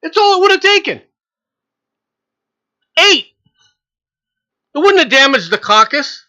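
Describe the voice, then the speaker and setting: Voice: high voice, sing-song, unhurried, pushed and bright, dull audio. A political commentator ranting in a sarcastic, mocking way, hammering points home with repetition and scornful laughter. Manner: emphatic, repeats points over and over.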